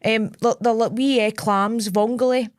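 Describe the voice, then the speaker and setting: A young woman with a Scottish accent, co-hosting a casual comedy podcast and teasing her partner with a quick laugh. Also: a little high, steady tone. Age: young adult. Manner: giggly, teasing. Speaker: podcast co-host.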